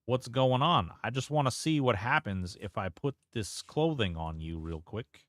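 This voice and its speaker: A man's voice: medium pitch, expressive, normal speed, a bit bright, dry recording. A man streaming a game and chatting casually, rambling and reacting as he plays, swearing freely into a close desk mic. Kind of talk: casual live-stream gameplay commentary.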